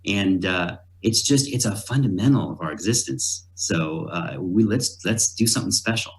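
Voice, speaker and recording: A male company executive speaks in a lowish voice, answering interview questions thoughtfully. He pauses and restarts a little as he gathers his thoughts. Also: animated.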